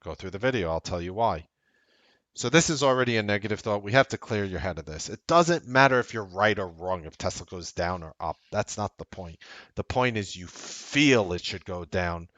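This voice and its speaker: A man hosting a trading livestream, talking bluntly and sarcastically, swinging from loud outbursts to low asides. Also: expressive, moderate pace, dry recording. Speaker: trading coach and livestream host. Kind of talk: unscripted livestream commentary.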